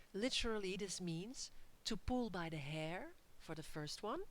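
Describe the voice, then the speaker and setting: A woman's voice: fairly low pitch, low-quality recording. A woman with a Flemish accent, narrating a scripted language lesson and acting out short example phrases. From Flanders. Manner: explains slowly, acts out short example phrases. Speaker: language teacher. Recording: faint hiss behind voice.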